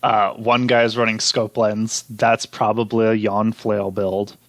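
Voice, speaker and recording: A man's voice: lowish voice, little pitch movement, takes it slowly, no echo. A man hosting a casual chat, going through poll results in an easygoing way with fillers and small laughs. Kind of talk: casual chat about game data.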